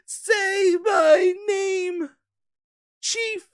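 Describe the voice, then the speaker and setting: A young soldier sobs out a plea in a strained, very high voice, as a man puts him on. Each word is pulled out slowly into a wail that breaks into shouting. The sound is close and dry. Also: steady tone, no room sound, exaggerated voice. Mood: sobbing plea. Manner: wailing, shouting, drawn-out. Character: pleading, sobbing young male soldier.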